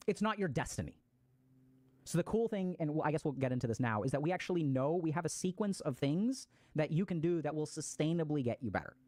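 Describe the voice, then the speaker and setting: A man's voice: fairly high pitch, darkish tone, dry recording. A man giving a casual explanatory talk on mental health, swearing freely and acting out people's reactions.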